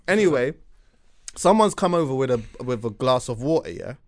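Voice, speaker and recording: Animated man telling a story. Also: mid-range voice, quick pace. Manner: animated storyteller, repeats words for effect, checks in with "yeah?". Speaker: podcast co-host. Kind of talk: casual storytelling chat.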